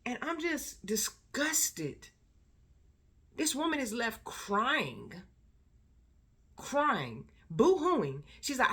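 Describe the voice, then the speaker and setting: Bright-voiced emphatic woman vlogger. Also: sits high, very animated, takes it slowly, creaky, pauses often, husky. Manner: emphatic, repeats words for stress. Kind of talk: casual vlog commentary.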